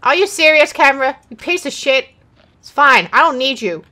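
A young woman giving loud, profane, self-mocking commentary while playing a game. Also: high-pitched, expressive, moderate pace. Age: young adult. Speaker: gaming video host. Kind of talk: profane let's-play commentary.

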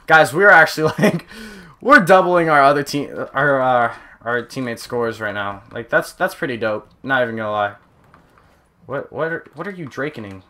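A young man commenting over his own gameplay, excitable and often yelping and exclaiming. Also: medium pitch, normal speed. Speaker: gaming channel host.

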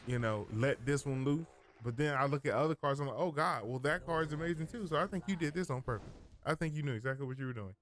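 A man's voice: mid-range voice, fast, hardly any pauses, a little hiss or hum. A man giving casual gameplay commentary as a streamer, thinking aloud, rambling and often correcting himself mid-sentence.

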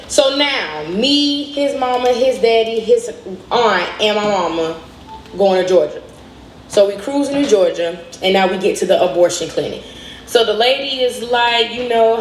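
A woman's voice: medium pitch, lively intonation, moderate pace, far from the mic, a little hiss or hum. A young woman, telling a personal storytime and acting out the people in it. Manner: conversational, retells dialogue. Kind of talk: storytime narration. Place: played clip inside a reaction video. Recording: echoey clip heard from afar.

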